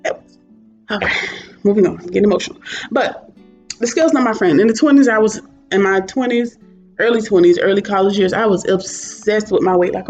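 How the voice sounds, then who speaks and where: A woman talks straight to her camera in a loose, candid vlog, drifting into chatty asides. Her voice sits at a middling pitch. The recording is muffled and lo-fi, with faint guitar music underneath. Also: animated, brisk. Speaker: vlogger. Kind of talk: casual talking-head reflection. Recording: dull lo-fi sound with soft guitar music behind.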